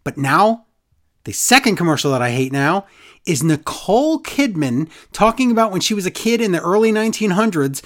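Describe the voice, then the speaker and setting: A podcast host recapping a wrestling show in casual chat, sarcastic and animated, acting out quotes in other voices. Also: mid-range voice, normal speed.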